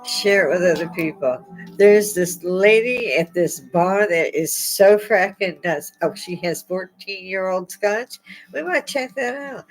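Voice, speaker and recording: A woman's voice: medium pitch, slow pace, fairly bright tone, soft background music, low-quality recording. A middle-aged woman talking casually to her viewers. She is in pain and close to tears, but keeps laughing and cracking wry, irreverent jokes. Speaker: vlogger hosting her own channel. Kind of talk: casual rambling chat to viewers.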